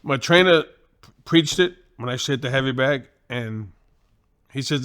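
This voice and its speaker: Man in his 60s, bright cutting voice, talks loose and animated, swears a lot, laughs at his own stuff. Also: a little high, a little fast. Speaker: guest, boxing trainer and former champion. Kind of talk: casual storytelling.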